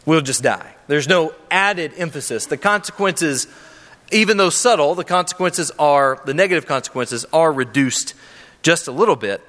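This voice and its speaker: A man's voice: on the high side, expressive, normal speed, fairly bright tone. A man preaching a sermon to a congregation in a church, earnest and emphatic, asking rhetorical questions. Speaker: pastor. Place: church sanctuary with a live audience. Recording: long hall reverb.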